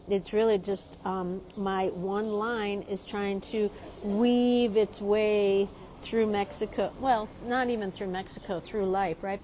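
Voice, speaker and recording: A woman's voice: mid-range voice, a little mellow. A middle-aged woman, an artist who teaches drawing workshops, talking casually and rambling on a livestream, often checking in with "right?". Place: home in Mexico.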